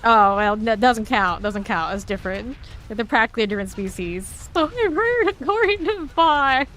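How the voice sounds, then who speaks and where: A woman's voice: fairly high pitch, animated, normal speed, a bit bright, a little hiss or hum. A woman with a light Southern US accent streaming a game, chatting casually and laughing with her viewers as she plays. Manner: chatty and self-teasing, talks to chat while playing, laughs often.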